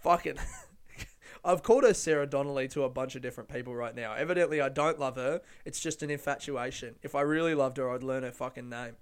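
A man's voice: medium pitch, brisk, clear, resonant tone. A young man hosting a podcast, chatting casually on his own, rambling, swearing freely and breaking into his own jokes. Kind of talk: casual solo chat.

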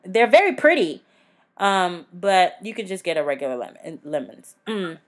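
A woman with a Southern US accent co-hosting a casual chat podcast, laughing often and acting out quick asides. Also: fairly low pitch. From American South. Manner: laughs often, animated, drifts into voiced asides. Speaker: podcast co-host.

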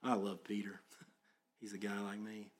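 A man preaching a sermon as pastor, earnest and plain-spoken, then praying quietly. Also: fairly low pitch, monotone, unhurried.

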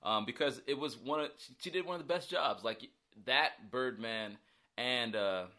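A man's voice: medium pitch, moderate pace, bright, forceful tone. A man who is an actor, chatting casually and jokingly about a film role in an interview. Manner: rambling, joking, self-deprecating. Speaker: actor guest.

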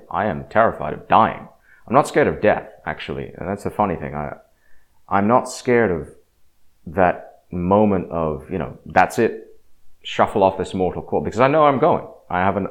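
A man talking casually and frankly about faith and death, rambling with frequent restarts. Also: deep voice. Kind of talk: casual religious reflection.

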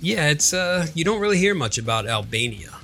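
A man co-hosting a casual chat podcast, telling relaxed, profane anecdotes about his neighbors. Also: fairly high pitch, a little fast, vocal fry, soft background music. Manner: laid-back, profane anecdote teller.

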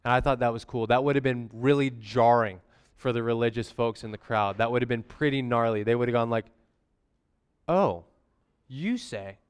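A man's voice: mid-range voice, moderate pace, clean tone. A young adult man giving a casual, conversational sermon as a pastor, using slang and frequent "amen?" asides.

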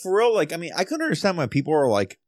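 A man talks quickly and casually on a podcast. He trips over his words and restarts his sentences. The sound is dry and close, with no room echo. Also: on the high side, wildly swooping pitch, darkish tone. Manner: fast, stammering restarts. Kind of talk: casual chat.

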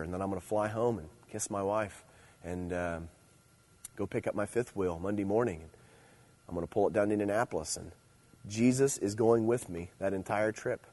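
A middle-aged man preaching to teenagers, swinging between loud emphasis and quiet asides. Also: fairly low pitch. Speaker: youth speaker. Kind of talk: sermon.

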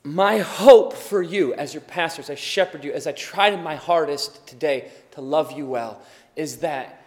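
Man, pastor, tired, earnest sermon, fairly high voice, long hall reverb. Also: a little slow. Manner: earnest, swings from quiet to loud emphasis.

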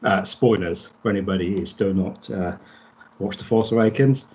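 A man's voice: low voice, normal speed, darkish tone, muffled recording. A man chatting casually on a podcast panel, telling a story in a rambling way and correcting himself as he goes. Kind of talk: casual chat.

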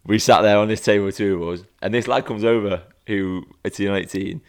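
A man's voice: lowish voice, a little fast, clear, resonant tone. A man telling a story in casual podcast chat, emphatic and repeating himself for effect. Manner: animated storyteller, emphatic repetition.

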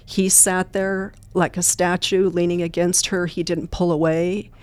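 A woman's voice: fairly low pitch, flat delivery, unhurried, few pauses, darkish tone, clean tone. A woman guest who trains therapy dogs, telling earnest, plain-spoken stories in an interview. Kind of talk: storytelling interview answers.

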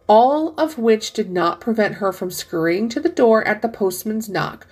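A woman narrating a classic short story in a steady, even storytelling manner. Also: fairly high pitch, breathy edge.

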